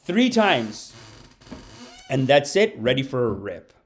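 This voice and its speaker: A man's voice: mid-range voice, big pitch swings, slow pace, a little hiss or hum. A comedian streaming live, a man chatting loosely with his audience and reading donations, with many "like"s. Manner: rambling, many "like"s.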